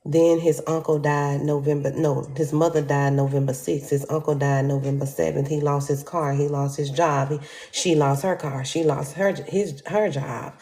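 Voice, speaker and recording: A woman telling a story in an animated, profane way, acting out quotes with sudden jumps in pitch. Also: normal speed. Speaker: storyteller vlogger.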